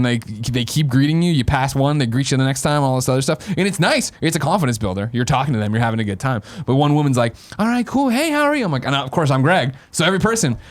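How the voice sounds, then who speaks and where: A man hosting a podcast, telling a story in a casual, animated way, swearing freely and acting out voices. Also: mid-range voice. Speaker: podcast host.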